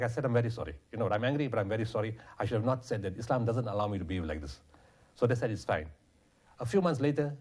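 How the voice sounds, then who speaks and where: In an interview, a charity founder passionately recounts stories, acting out what others said in dialogue. His voice sits at a medium pitch and sounds a little mellow.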